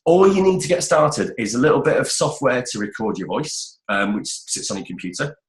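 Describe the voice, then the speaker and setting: A man's voice: mid-range voice, very animated, brisk. A middle-aged British man giving voice-over career advice in a casual, chatty interview, often restarting phrases. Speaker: voice-over expert guest. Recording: roomy echoey sound.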